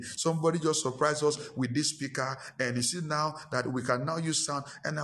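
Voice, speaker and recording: A middle-aged man with a Ghanaian English accent preaching a sermon, emphatic and repetitive, pushing his voice up in pitch and force. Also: fairly even intonation, normal speed, hardly any pauses, fairly bright tone, slight background noise. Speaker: pastor.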